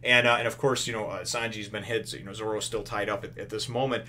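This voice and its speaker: A man's voice: lowish voice, little pitch movement, fast, sharp tone, soft background music. A man casually retelling a comic chapter, rambling with many fillers and quoting the characters in a raised voice. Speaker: comics reviewer.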